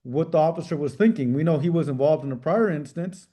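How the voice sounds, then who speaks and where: Mellow-voiced man, careful legal talk. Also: fairly high pitch. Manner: measured, careful, frequent restarts. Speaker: civil rights trial attorney. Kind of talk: interview answers.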